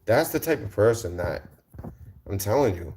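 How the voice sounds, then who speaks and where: A man's voice: lowish voice, animated, moderate pace, a little mellow, a little hiss or hum. A male livestream host answering his chat in a combative, mocking rant, repeating his insults.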